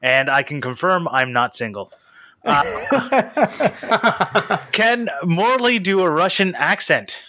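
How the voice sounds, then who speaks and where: A young man co-hosting a casual podcast chat, reading out listener questions and joking with quick laughs. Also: fairly high pitch, expressive, crowd noise. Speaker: podcast co-host.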